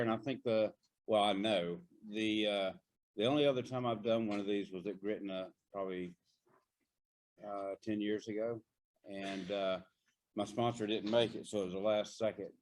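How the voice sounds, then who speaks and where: A man nervously starting his share at a recovery workshop, hesitant and halting, with many fillers. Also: fairly low pitch, steady tone. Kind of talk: personal share.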